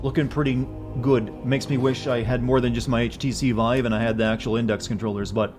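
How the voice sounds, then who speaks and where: A male game streamer talking casually to his chat in a rambling, loose way, swearing freely. His pitch sits at an ordinary middle. Faint music plays underneath. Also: flat delivery, brisk, a little mellow. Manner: rambling, profane, answers chat messages.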